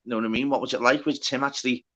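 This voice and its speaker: A man hosting a casual livestream chat, swearing a lot and talking in quick bursts full of filler words. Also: mid-range voice, fairly even intonation, fairly bright tone. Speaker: livestream host.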